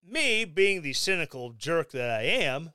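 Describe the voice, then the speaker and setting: Sarcastic, high-voiced male commentator. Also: a little slow, clear, resonant tone, no echo. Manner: sarcastic, mocking, animated asides. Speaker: commentary vlogger.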